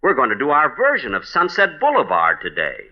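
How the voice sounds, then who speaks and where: A man's voice: mid-range voice, wildly swooping pitch, brisk. A man hosting a 1940s radio comedy show with fussy, exasperated timing. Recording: dull noisy old radio broadcast.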